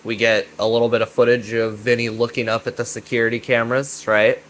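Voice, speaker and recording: Excitable, cussing man rambling through a recap. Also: mid-range voice, quick pace, slight background noise. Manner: excitable, profane, repeats himself and keeps asking "right?". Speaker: YouTube commentator.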